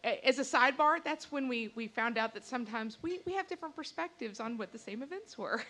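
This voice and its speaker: Speaking fairly quickly at a fairly high pitch, a woman shares a personal story with a live audience from the stage. She is animated and performs the lines she quotes.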